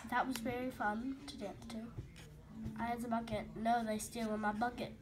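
A woman vlogger giving casual commentary as she browses websites, excitable and quick to gasp and exclaim at what she sees. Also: fairly high pitch. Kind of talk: casual screen-recording commentary. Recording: music clearly audible behind voice.

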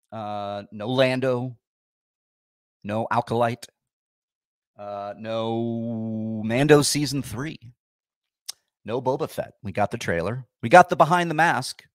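A man's voice: medium pitch, no room sound, clean studio sound. A man hosting a casual livestream, chatting with viewers in a sarcastic, grumpy way. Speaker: livestream host.

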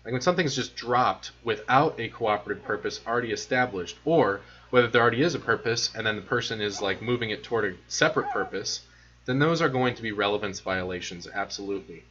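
A man's voice: lowish voice, animated, fast, bright, forceful tone, lo-fi sound. Man giving a casual recorded lecture. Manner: conversational, filler-heavy explaining.

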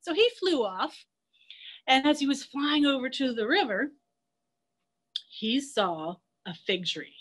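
Energetic woman zoo educator teaching kids. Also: high-pitched, slow, long pauses. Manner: energetic, playful, leads kids in chanting and running. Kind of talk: online class for children.

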